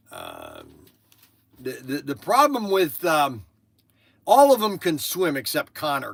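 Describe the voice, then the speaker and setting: An older man talking casually on his livestream, with a bright, forceful voice pitched a little high for a man. He rambles and restarts often, and the sound is close and dry. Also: gravelly, no room sound. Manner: halting, with many restarts and asides. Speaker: livestream host.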